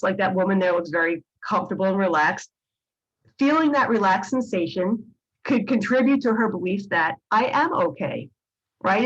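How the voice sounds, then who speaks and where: Patient woman psychologist, slightly husky. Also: mid-range voice, dull audio. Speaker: psychologist teaching a video course. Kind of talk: lecture to camera.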